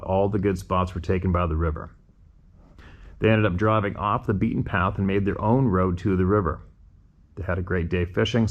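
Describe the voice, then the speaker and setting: A deep-voiced man hosts a show, reading listener emails aloud and adding casual commentary. Between readings he pauses to muse in a relaxed, conversational way, his asides full of rhetorical questions.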